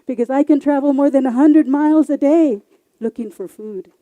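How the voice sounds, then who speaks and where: A woman's voice: high voice, normal speed, mellow, dry recording, highs cut off, voice pushed up, lightly acted. A woman voicing a proud male condor declaring his strength in a told folk tale.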